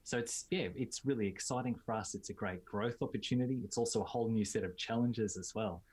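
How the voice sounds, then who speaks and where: An Australian man, a business coach, giving relaxed, fluent interview answers with filler uhs. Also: on the low side, fairly quick, breathy edge.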